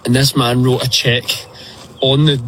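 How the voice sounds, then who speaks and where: A man's voice: medium pitch, flat delivery, a little slow, a bit bright, slight background noise, rough recording. A man from Scotland walking across the country, recounting an encounter in a travel vlog. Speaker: long-distance walker.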